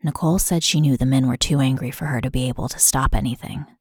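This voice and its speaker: A woman podcast host reading a scripted true crime narration in a steady, matter-of-fact way. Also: very deep voice, fast, slightly rough, no echo, clean studio sound.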